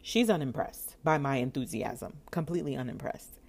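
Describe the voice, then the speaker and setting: A woman vlogger telling a personal story in an animated, expressive way, acting out the voices of the people in it and laughing often. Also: extremely low pitch, moderate pace, creaky, breathy edge.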